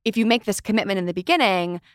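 Brief: young woman podcast host, chatty and animated, mid pitch, very dry close mic. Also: quick pace, no room sound. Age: young adult. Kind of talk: casual interview chat.

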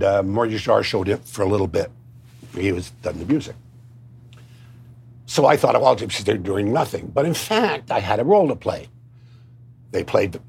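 A man with a Cockney accent telling stories at a roundtable, lively and animated, slipping into impressions. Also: lowish voice, vocal fry, a little hiss or hum. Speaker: guest storyteller. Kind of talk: anecdotal roundtable storytelling.

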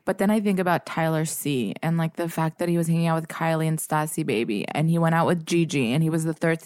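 This woman joins a podcast as a guest for casual chat. She has a low voice for a woman and rambles, filling her sentences with "like". Her voice is recorded dry and close, with no room echo. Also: fast, darkish tone. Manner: rambling, heavy use of "like".

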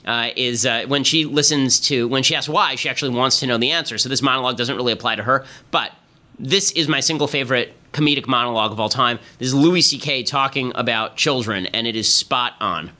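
A man hosting a political commentary podcast, quick and emphatic with strong opinions. He talks at a rapid clip in a bright, forceful voice. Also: medium pitch. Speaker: podcast host.

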